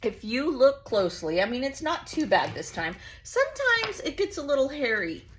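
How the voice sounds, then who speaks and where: A woman's voice: sits high, big pitch swings, moderate pace, background noise. A woman hosting a casual craft tutorial, chatty and bubbly as she works at her home craft table. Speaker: crafting channel host.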